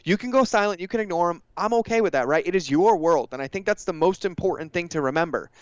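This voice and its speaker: Smooth-voiced, emphatic man on a podcast. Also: high-pitched, quick pace, dry recording, lo-fi sound. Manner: energetic, emphatic, repeats phrases for effect. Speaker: guest entrepreneur. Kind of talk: casual podcast conversation.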